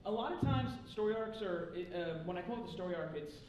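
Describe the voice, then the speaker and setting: A man's voice: high-pitched, animated, fast, darkish tone, faint music behind. A man telling stories to a live audience at a panel, bursting into raised voices to act out what other people said. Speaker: panel speaker. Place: large convention hall. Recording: echoey hall from far off, crowd noise. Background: audience laughter.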